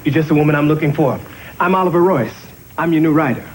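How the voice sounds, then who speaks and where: A man's voice: on the high side, fast talker, slight background noise, natural voice, poor audio. An actor playing an eager, folksy male TV repairman in a sitcom. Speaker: TV repairman turned writer. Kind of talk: sitcom acting.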